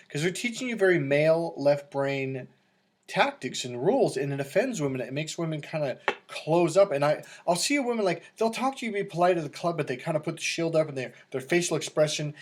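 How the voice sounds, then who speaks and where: A middle-aged man coaching in a casual monologue, telling stories and acting out quoted voices with animation. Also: a little high. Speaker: dating coach.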